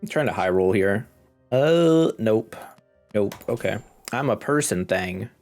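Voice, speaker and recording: A man's voice: on the low side, lively intonation, measured pace, darkish tone, faint music behind. A congested man casually commenting on his game as he plays, thinking aloud and chuckling. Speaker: gaming video host.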